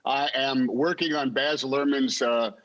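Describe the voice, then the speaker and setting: A man telling lively talk-show anecdotes as a guest actor, acting out lines in voices with stammering restarts. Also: medium pitch, measured pace, dull audio. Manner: lively storyteller who acts out lines in voices. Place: television studio with live audience.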